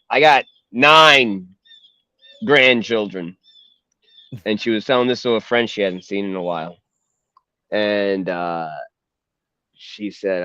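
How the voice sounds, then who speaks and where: A man's voice: mid-range voice, dry recording, dull audio. A man co-hosting a podcast, telling family stories in casual chat and laughing often. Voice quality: laughs often, animated storytelling. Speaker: podcast co-host.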